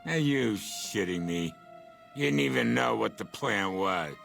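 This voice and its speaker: Deep, gravelly game mob boss, contemptuous and profane, over faint music. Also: male voice, lively intonation, measured pace, fairly bright tone, heavily acted. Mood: scornful. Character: gruff scornful male mob boss.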